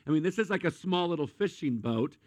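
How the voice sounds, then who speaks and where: A man preaching a sermon in a lively, conversational way, with jokes and acted-out asides. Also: a little high, fairly quick, dry recording. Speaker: pastor.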